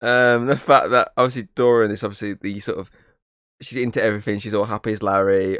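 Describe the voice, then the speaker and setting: A young British man with a lively, swinging delivery trades crude jokes on a casual podcast. His voice sounds dry and close to the mic. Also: on the low side, quick pace, no echo. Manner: jokey, crude banter. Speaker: podcast co-host.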